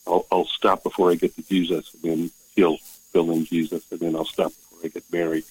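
Older guy caller, very deep husky voice, earnest and choked up, dry close sound. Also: flat delivery, darkish tone, no echo, low-quality recording. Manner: earnest, emotional, halting restarts. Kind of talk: call-in testimony.

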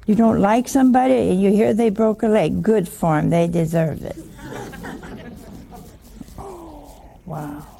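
Slow, gravelly-voiced woman preaching. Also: medium pitch, expressive, mellow, slight background noise. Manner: chatty, teasing rhetorical questions with humor. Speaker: religious teacher. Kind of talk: conversational sermon.

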